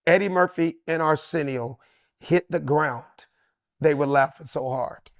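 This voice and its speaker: A man in his fifties, a guest comedian, telling an animated anecdote and acting out voices. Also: a little high, a little slow, vocal fry, dry recording, studio quality. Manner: lively, acts out other voices.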